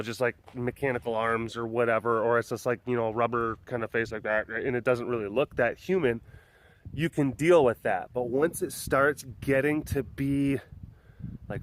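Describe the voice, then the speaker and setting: A man hosting a casual walk-and-talk vlog around an outdoor animal compound, filming on a handheld phone, chatty and rambling, with bursts of excitement. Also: mid-range voice, moderate pace, a little hiss or hum. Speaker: big cat sanctuary keeper and vlogger.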